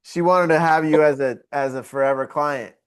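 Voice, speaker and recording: A man's voice: fairly high pitch, steady tone, moderate pace, smooth. A male podcast host chimes in with short questions. He keeps his replies brief and affirming as his guest talks. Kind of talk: casual interview.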